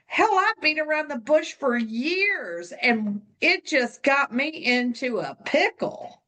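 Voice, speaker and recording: Bright, lively, high-voiced woman. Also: takes it slowly, few pauses. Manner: blunt, animated, laughs often. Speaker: podcast co-host and coach. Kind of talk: casual podcast chat.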